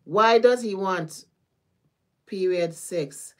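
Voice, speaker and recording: Caribbean-accented woman, tarot reader, livestream chat, lower voice, rambling and laughing. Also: animated, a little slow. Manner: chatty, laughing, drifting between topics. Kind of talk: casual livestream tarot reading.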